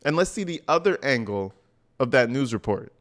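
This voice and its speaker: A man giving casual video commentary, talking in a slangy, emphatic, animated way. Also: medium pitch, moderate pace. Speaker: commentary YouTuber.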